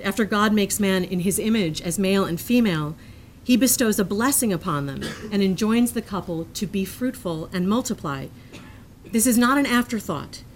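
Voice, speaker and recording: A woman reading a prepared lecture aloud in a measured, earnest manner, sometimes breaking off into self-amused asides. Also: mid-range voice, a little hiss or hum.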